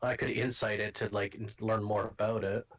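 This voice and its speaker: A man's voice: fairly low pitch, level tone, a little fast, a bit bright, rough recording. A man as a tabletop game player, chatting casually and explaining with plenty of restarts. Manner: explains with many restarts and fillers.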